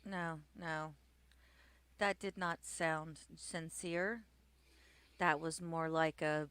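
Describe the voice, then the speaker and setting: A woman's voice: deep voice, fairly even intonation, drawn-out words, pauses often, a bit bright, smooth, dry recording. A woman hosting a casual livestream, chatting and greeting viewers by name as she reads their comments. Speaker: livestream host.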